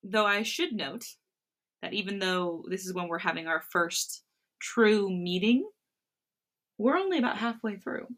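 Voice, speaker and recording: Woman co-host, bright tense voice, casual chat, giggly. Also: mid-range voice, lively intonation, a little slow. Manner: playful, giggly. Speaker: podcast co-host.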